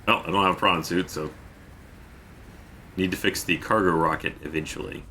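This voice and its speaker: A man's voice: sits low, steady tone, moderate pace, sharp tone, slight background noise. A man streaming a game, chatting casually, joking and reading chat messages aloud. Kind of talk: casual gameplay commentary.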